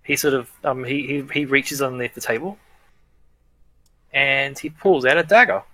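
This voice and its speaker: A man's voice: mid-range voice, moderate pace, sharp tone, rough recording. A man narrating as game master in a tabletop role-playing game, easygoing and chatty, laughing often.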